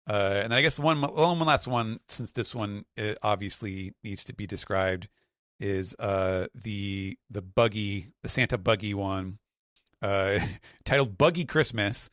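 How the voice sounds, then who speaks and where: A man's voice: fairly low pitch, unhurried, a bit bright, no echo, studio quality. A man on a podcast panel, chatting casually and describing things in a rambling way, with lots of fillers. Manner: rambling, filler-heavy description with acted quotes. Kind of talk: casual chat.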